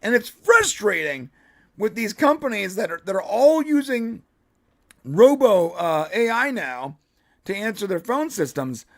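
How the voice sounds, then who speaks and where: A man's voice: sits high, sing-song, measured pace, no room sound, studio quality. A man co-hosting a live podcast stream, chatting casually in a rambling way with frequent restarts and laughs. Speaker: podcast co-host.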